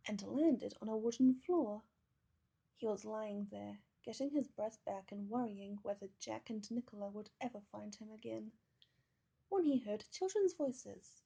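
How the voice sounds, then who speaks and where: Husky, dark-toned woman reading a storybook. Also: medium pitch, muffled recording. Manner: gentle, measured storytelling. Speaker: storybook reader. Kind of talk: reading a children's picture book aloud.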